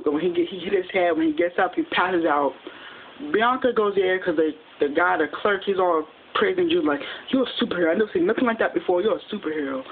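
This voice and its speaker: A TV episode reviewer with a mid-range voice gives a casual fan recap, quick and rambling with plenty of restarts. The audio sounds thin and phone-like, with a faint hiss underneath.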